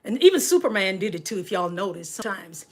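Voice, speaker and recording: A woman's voice: medium pitch, sing-song, fast talker, a little mellow. A middle-aged woman with a Caribbean accent, a nurse and coach chatting to her viewers on a livestream, talking while she rides an exercise bike and laughing often. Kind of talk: casual livestream chat.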